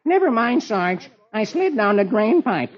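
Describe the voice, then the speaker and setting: A man voicing an easygoing young army private with a whiny, drawn-out voice, reading a comic strip aloud on an old radio broadcast. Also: high-pitched, sing-song, lo-fi sound, over music, pitched above the performer's own voice. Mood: cheerful.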